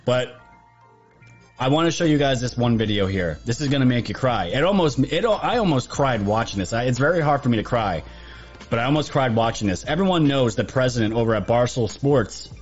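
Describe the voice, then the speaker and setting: A man's voice: medium pitch, lively intonation, a little fast, husky, muffled recording, faint music behind. A man hosting an opinionated news commentary show, talking emphatically and repeating himself. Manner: emphatic and repetitive.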